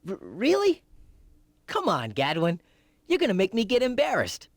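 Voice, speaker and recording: A woman's voice: mid-range voice, wildly swooping pitch, moderate pace, no echo. A woman voicing an eager teenage boy hero in a video game, bashful and boyish in his bragging. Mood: proud.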